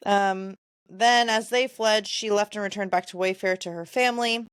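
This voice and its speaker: A woman's voice: mid-range voice, fairly even intonation, moderate pace, clean tone, dry recording, clean studio sound. A woman co-hosting a podcast, reading book passages aloud and retelling them with casual, chatty asides. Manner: reads excerpts then paraphrases with chatty asides. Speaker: podcast co-host.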